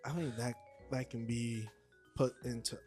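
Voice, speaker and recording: A man co-hosting a relaxed podcast talk. He speaks at a middle pitch in a reflective, agreeable way, often leaning on "you know". Soft music sits faintly in the background. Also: measured pace. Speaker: podcast co-host. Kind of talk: casual chat.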